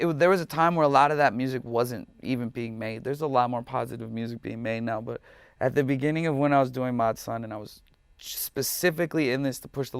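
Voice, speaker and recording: Gravelly man in a raw, heartfelt interview. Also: mid-range voice, no room sound, clean studio sound. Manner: emotional, passionate, profane. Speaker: musician guest. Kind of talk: candid interview talk.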